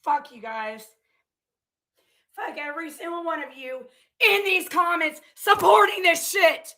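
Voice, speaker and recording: A woman's voice: very high-pitched, measured pace, sharp tone. A woman vlogger reading viewer comments aloud and reacting with heated, profane, confrontational ranting.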